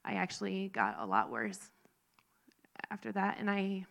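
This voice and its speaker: A woman telling her personal faith testimony in an earnest, halting, emotional way. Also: medium pitch, big pitch swings, gravelly, a bit bright. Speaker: speaker sharing a recovery testimony.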